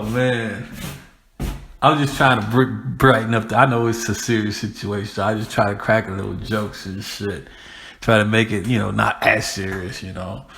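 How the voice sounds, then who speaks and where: A man's voice: lowish voice, fairly bright tone, a little hiss or hum. A man from Austin, hosting a podcast in a loose, profane, joking monologue. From Austin, Texas. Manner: loose, profane, chuckling between jokes. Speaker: podcast host. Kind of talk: casual comedic monologue.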